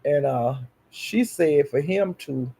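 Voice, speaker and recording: A man telling a gossipy story in a casual, animated way. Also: on the high side, slow, creaky, husky.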